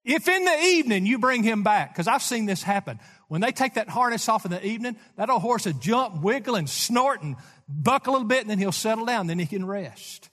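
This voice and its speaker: An older man preaching a sermon as pastor, telling folksy stories and swinging from loud emphasis to hushed asides. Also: high-pitched, big pitch swings, fairly quick. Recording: echoey church hall.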